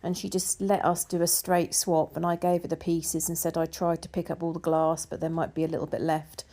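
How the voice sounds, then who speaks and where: A woman's voice: sits low, little pitch movement, brisk, warm tone. A woman telling a story in a casual vlog, chatty and full of quoted dialogue. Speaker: vlogger.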